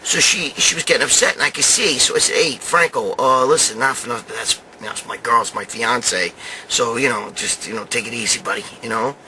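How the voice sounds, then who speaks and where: A man's voice: medium pitch, fairly quick, bright, forceful tone, slight background noise. A swearing, rambling tough-guy storyteller man. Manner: rambling, swears constantly, street-tough bravado. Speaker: show host telling a story. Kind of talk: profane storytelling monologue.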